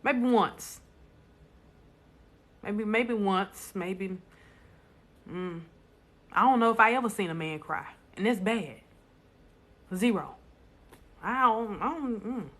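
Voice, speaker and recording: A woman's voice: mid-range voice, takes it slowly, long pauses, fairly bright tone. A woman speaking bluntly and emphatically to viewers in a casual live stream, repeating lines for stress. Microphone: phone.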